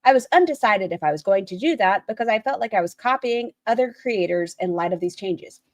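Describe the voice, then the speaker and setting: A woman's voice: mid-range voice, lively intonation, fairly quick, no room sound. Blunt woman streamer, dry close mic. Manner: reads aloud and critiques a written statement, blunt, swears casually; reads viewer chat messages aloud and answers them. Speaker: livestream host. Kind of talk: casual livestream commentary.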